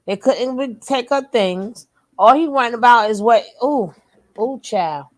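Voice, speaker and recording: A woman with a fairly high voice gives reaction commentary. She talks emphatically and bluntly, circling back to the same phrases again and again. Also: lively intonation, unhurried. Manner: emphatic, repeats phrases over and over; blunt, curses then apologizes.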